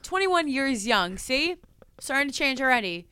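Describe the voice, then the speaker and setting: A young woman talking casually as a podcast guest, earnest and animated, laughing often. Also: high-pitched, normal speed, smooth. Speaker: podcast guest, psychic medium. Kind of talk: casual chat.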